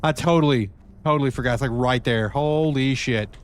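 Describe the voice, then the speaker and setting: A man chatting casually to viewers while streaming a game, swearing a lot and swinging between excitement and frustration. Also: mid-range voice, a little fast, smooth. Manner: profane, excitable, talks to chat. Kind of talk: live-stream gameplay chat.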